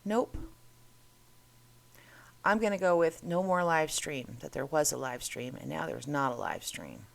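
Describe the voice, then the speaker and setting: Low-voiced woman with lots of vocal fry, rambling casually through odd facts. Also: lively intonation, measured pace. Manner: chatty, rambling, self-interrupting. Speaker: host. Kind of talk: casual talk reading curiosities.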